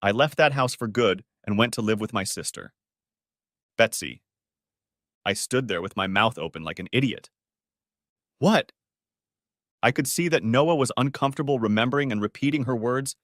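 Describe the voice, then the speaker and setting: A man narrating a dramatic first-person story in an expressive storytelling manner. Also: medium pitch, brisk, dry recording, studio quality. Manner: expressive, switching between characters' first-person accounts.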